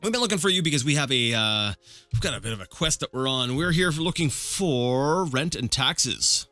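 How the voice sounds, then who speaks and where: Animated man narrating a video game. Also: a little high, a little fast, dry recording, soft background music. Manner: rambling, thinking aloud with many fillers. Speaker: let's play host. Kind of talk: casual gameplay commentary.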